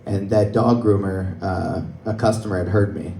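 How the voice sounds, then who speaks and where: This young comedian's voice sits low and warm, with fairly even intonation and a moderate pace. He's doing stand-up in a club, telling stories in a conversational way and laughing at his own lines. A distant mic records the roomy space with slight background noise.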